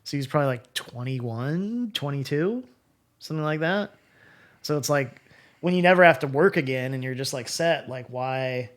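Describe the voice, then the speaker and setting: A man co-hosting a podcast in casual chat, laughing often and breaking into loud jokey bursts. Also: medium pitch, animated, moderate pace. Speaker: podcast co-host.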